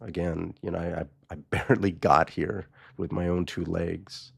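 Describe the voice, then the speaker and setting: A man voicing a weary, frail old man who is toothless and tired, speaking low and quietly in a grumbling paraphrase. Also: level tone, moderate pace, creaky, slightly rough, full character voice.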